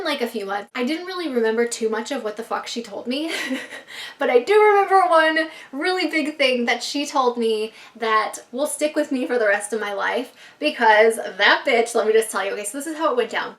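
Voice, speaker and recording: A woman's voice: fairly high pitch, a bit bright, recorded from a distance. A young woman vlogger telling a story in a chatty, rambling way, swearing freely and laughing often. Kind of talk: casual storytime monologue.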